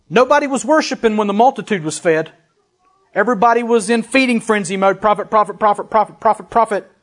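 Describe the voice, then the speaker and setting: In a high, light voice, a pastor delivers a sermon, reading scripture with emphasis. Then he breaks off to address his congregation in a casual, conversational way.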